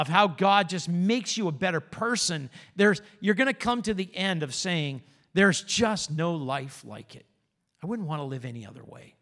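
A man's voice: fairly high pitch, fairly bright tone. A man preaching a conversational sermon in a church, mixing plain talk with anecdotes. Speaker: pastor.

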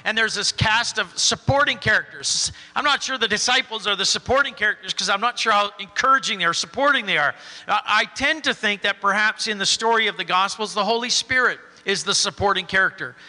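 Man, preacher, sermon, encouraging, folksy, high voice, reverberant hall. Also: fairly quick, sharp tone.

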